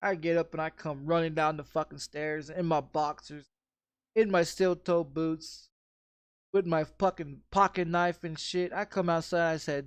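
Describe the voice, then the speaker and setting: A man's voice: a little high, steady tone, measured pace, smooth, no room sound. A streamer telling a story in casual chat, blunt and heavy on profanity, often repeating his phrases.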